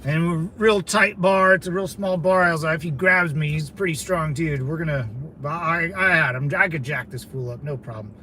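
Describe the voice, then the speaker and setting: High-voiced man telling bar stories. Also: moderate pace, few pauses, sharp tone, a little hiss or hum. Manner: laid-back, rambling, calls listeners brother. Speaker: livestream host. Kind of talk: casual storytelling to chat.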